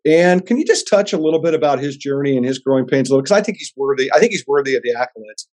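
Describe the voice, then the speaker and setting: A man's voice: mid-range voice, animated, very fast, darkish tone. Middle-aged guy hosting a chat show, blunt and casual, swears a bit. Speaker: podcast host.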